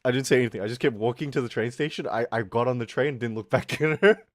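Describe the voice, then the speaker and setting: A young man streaming, animated and casual as he tells a rant, swearing freely and laughing often. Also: mid-range voice, fast talker, no echo, clean studio sound.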